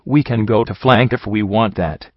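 Sly pony raider boss read by a man, slow evasive drawl, low voice, dry dull audio. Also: no echo, close to an everyday voice.

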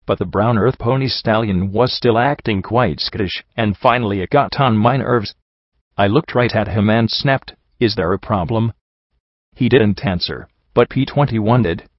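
Guy reading fanfic aloud, low voice, dry kinda muffled mic, steady pace. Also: normal speed, no room sound. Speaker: audiobook reader. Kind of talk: first-person fan fiction narration.

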